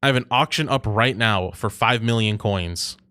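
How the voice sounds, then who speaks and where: A man's voice: lowish voice, moderate pace, bright, forceful tone, smooth. A man streaming a video game, chatting casually in a profane, teasing way that often breaks into laughter. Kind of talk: casual gaming chat.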